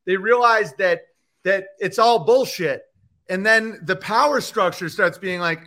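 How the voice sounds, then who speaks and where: A man, a comedian guest on a podcast, ranting in a profane, animated way and slipping into mocking voices. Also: sits high, a little slow. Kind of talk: animated podcast chat with comic bits.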